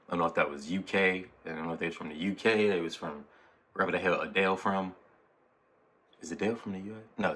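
A man hosting a music reaction video, talking casually and getting excited, often repeating himself. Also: deep voice, husky. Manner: excitable, talks over the track, repeats himself. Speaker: reaction channel host.

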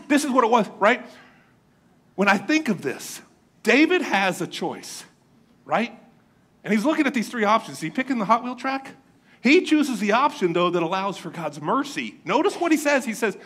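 Pastor guy, kinda high voice, jokey animated sermon storytelling. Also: husky. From Florida. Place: church.

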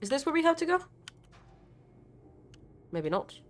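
High, lively woman streamer. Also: unhurried. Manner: chatty, swears a lot, talks to game characters. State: nervous and scared. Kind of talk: live gameplay commentary.

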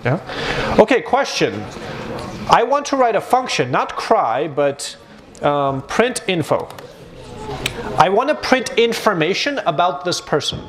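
A man teaching a university computer science class, talking lively and joking with his students. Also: high-pitched, slow, long pauses, crowd noise. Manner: lively, switches between English and Armenian, jokes with students. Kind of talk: live classroom lecture. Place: university lecture hall. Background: students in the room.

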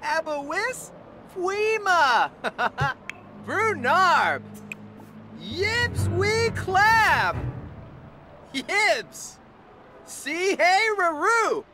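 Brief: cheerful game character, gibberish speech, lively sing-song, drawn-out delivery. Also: female voice, very high voice, a little hiss or hum, full character voice. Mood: chirpy. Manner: speaks playful invented gibberish, often laughing.

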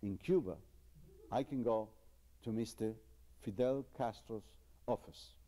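A man's voice: on the low side, a little slow, warm tone, close to an everyday voice. A man playing a boastful Cuban guy in a joke, topping another man's story.

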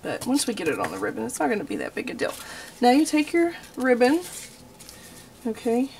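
A woman's voice: fairly high pitch, sing-song, brisk, darkish tone, slight background noise. A young adult woman with a Texan accent giving a homey, chatty crafting tutorial, full of y'all and okay. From Texas.

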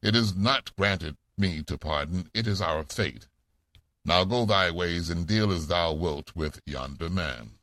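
A man's voice: sits low, a little slow, a bit bright, dry recording. A man voicing a bitter, gloomy old male physician in a storybook reading. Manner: gloomy, grave.

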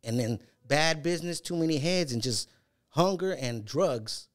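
Telling stories as a guest, a middle-aged man speaks at a measured pace in a slightly high, animated voice. He swears often in this casual storytelling and performs the voices of anyone he quotes.

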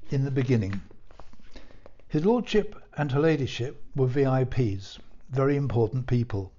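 Mellow-voiced man reading a storybook. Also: mid-range voice, muffled recording. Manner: measured, playful storytelling. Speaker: author.

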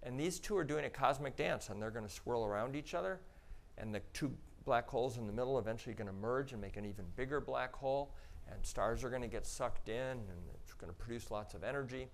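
A man giving a public talk about space images, walking the audience through slides in a relaxed, conversational way with frequent pauses and filler words. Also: mid-range voice. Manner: conversational, explaining step by step with frequent "um" and "you know".

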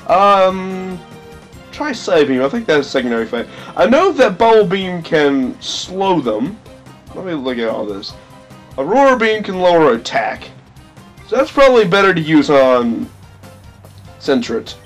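An excitable man commentates on a game, his high voice leaping wildly up and down. He is goofy and makes silly sound effects, while faint game music plays underneath. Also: unhurried. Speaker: let's play host.

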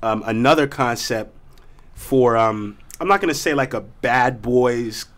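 A man's voice: mid-range voice, a little slow. A man, the guest actor, chatting casually and joking with frequent laughter. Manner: laughing, joking, animated storytelling. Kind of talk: casual banter.

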